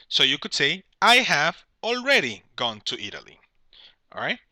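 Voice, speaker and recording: A man's voice: on the high side, sharp tone, no echo. A man teaching an English grammar lesson, explaining patiently, checking in with "all right?" and correcting himself as he goes. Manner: corrects himself mid-sentence.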